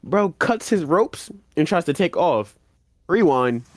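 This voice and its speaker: A man's voice: on the high side, big pitch swings, a little slow, no echo, clean studio sound. A man co-hosting a podcast, animatedly recapping an anime plot in casual slang and acting out the characters' lines. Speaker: podcast co-host.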